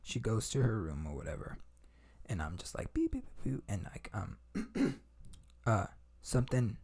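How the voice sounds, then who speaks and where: A man's voice: lowish voice, expressive, a little slow, a little mellow, slightly rough. A young man hosting a podcast, telling a story in casual chat with lots of fillers, restarts and swearing. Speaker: podcast host.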